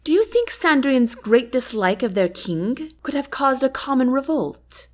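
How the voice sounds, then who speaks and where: Formal guarded young queen, lady reading her in a storybook, lots of pitch movement. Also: sing-song, a little slow. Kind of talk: audiobook character reading.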